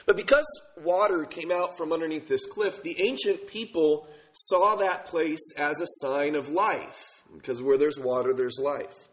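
A man's voice: fairly high pitch, measured pace, hardly any pauses. A man from Minnesota preaching a sermon as pastor, telling stories conversationally and asking the congregation rhetorical questions. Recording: echoey room.

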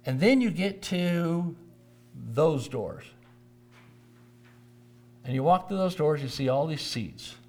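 A man's voice: on the high side, animated, takes it slowly, pauses often, a little mellow, soft background music. A man preacher teaching a church class lesson, conversational and repeating words for emphasis.

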